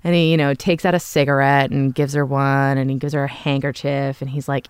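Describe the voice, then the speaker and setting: A woman with a low, smooth voice hosts her podcast in a loose, excited monologue. She rambles, gushes and laughs often. The sound is close and dry. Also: a little fast, hardly any pauses, no room sound. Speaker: podcast host.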